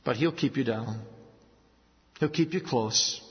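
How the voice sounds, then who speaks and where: A man preaching a sermon earnestly, dropping low and slow for stories and rising for emphasis. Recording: dull sound with long hall reverb.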